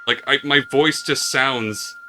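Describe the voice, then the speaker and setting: A young man co-hosting a game playthrough, swearing freely and telling stories in a sardonic, animated way. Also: medium pitch, slow pace, soft background music. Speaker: let's play co-host. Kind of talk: casual gaming chat.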